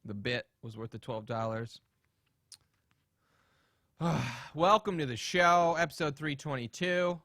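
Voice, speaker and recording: A man hosting a comedy podcast, talking crudely and profanely in a rapid, ranting way. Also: a little high, sharp tone, no room sound, studio quality. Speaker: podcast host. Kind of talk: casual comedic podcast rant.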